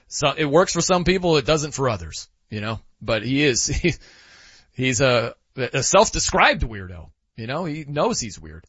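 A man's voice: on the high side, a bit bright, husky, no echo. A man hosting a sports talk radio show, talking casually with loose restarts. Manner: casual, conversational, trailing restarts. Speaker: radio host. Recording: lo-fi radio broadcast.

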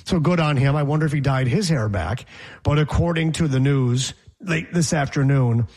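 A man hosts a casual sports talk radio show, cracking jokes and mimicking voices and how people pronounce words. His voice is on the high side and a little mellow, at normal speed.

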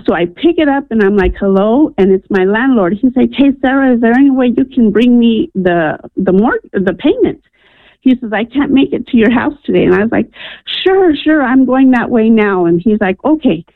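A woman's voice: a little high, expressive, normal speed, dry recording. A woman calling in to a radio show, telling a personal story earnestly with frequent ums. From New Mexico. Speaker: radio caller. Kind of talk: call-in testimony. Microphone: telephone. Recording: tinny phone line, dry.

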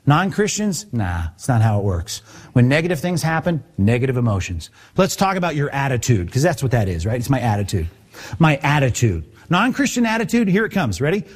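A male pastor giving a sermon in a conversational, animated way, often asking his listeners rhetorical questions. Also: mid-range voice, brisk, slightly rough.

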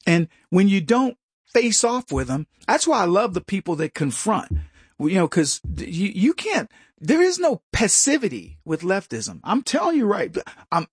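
American guy ranting commentary, kinda high raspy voice, keeps restarting sentences. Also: no room sound, studio quality. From United States. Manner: emphatic, stumbling restarts, mocking voices for others. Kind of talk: opinionated monologue.

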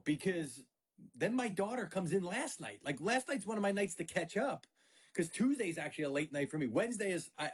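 Animated middle-aged man telling stories. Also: fairly high pitch, husky. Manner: animated storyteller, acts out family quotes. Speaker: sports media guest. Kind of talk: casual podcast chat.

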